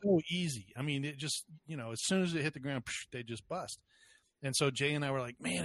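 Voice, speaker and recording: A man co-hosting a podcast in casual chat, teasing his friend and laughing often. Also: medium pitch. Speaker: podcast co-host.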